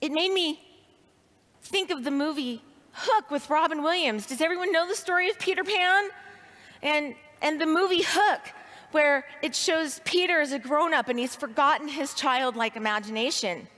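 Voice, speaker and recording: High-voiced woman telling a story in a hall. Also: normal speed. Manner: expressive storytelling, acts out her inner voice. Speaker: speaker at a leadership training event. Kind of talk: personal story speech to an audience. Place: large hall with audience. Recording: reverberant hall sound.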